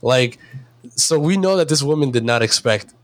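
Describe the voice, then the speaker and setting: A man's voice: medium pitch, animated, normal speed. Give me a man rambling casually as a podcast host. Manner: rambling, lots of fillers. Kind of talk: casual chat.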